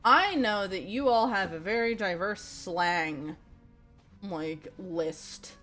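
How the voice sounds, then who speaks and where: A woman livestreaming a game, chatting casually with her viewers, swearing often and reacting loudly as she plays. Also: medium pitch, lively intonation, slow. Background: faint game music.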